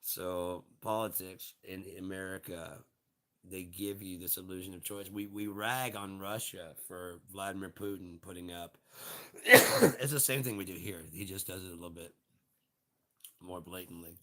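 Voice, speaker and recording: A man's voice: low-pitched, fairly even intonation, normal speed, bright, forceful tone. A man in his late forties rambling through a profane, laughing solo rant. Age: 40s. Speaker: vlogger.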